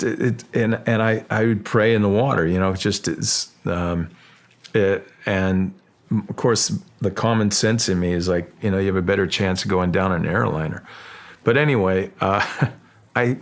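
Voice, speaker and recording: A middle-aged man, an actor guest in a casual interview, speaking with a husky voice, often restarting his sentences and growing lively as he tells a story. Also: sits low. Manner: halting, restarts often, grows animated while telling a story.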